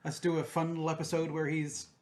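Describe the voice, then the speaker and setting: A man in his thirties co-hosting a casual podcast about an anime, excitable and profane, often acting out lines in quotes. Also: on the high side, fast talker. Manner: excitable, heavy swearing, acts out quotes. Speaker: podcast co-host. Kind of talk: casual chat.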